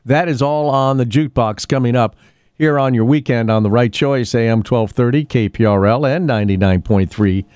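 A man's voice: medium pitch, moderate pace, a little mellow, no room sound, studio quality. A man hosting a casual local radio show, chatting in a rambling way with many fillers and restarts. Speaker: radio host. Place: radio studio.

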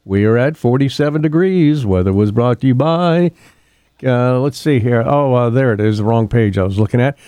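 A middle-aged man chats casually on his local morning radio show, often chuckling and losing his place in his notes. His voice is medium-pitched, mellow, and smooth at a moderate pace, and there's no room sound in the studio recording.

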